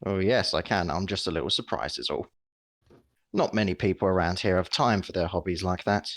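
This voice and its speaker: A man's voice: sits low, fairly quick, no room sound, clean studio sound. A man voicing a polite, genteel male recruiter who speaks formally and calls her miss.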